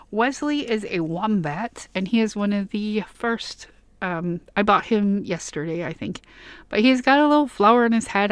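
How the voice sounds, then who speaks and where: A woman's voice: medium pitch, fairly bright tone, clear, resonant tone, no echo. A woman from Michigan rambling chattily through a casual plushie haul vlog in her bedroom, with frequent ums. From Michigan, USA. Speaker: vlogger.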